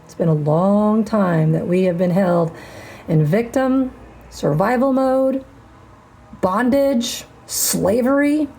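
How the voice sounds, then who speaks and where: Slow, gravelly woman preaching defiance. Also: medium pitch, mellow. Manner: defiant, profane, drawn-out emphatic phrasing. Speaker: spiritual channel host. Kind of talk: spiritual monologue to camera.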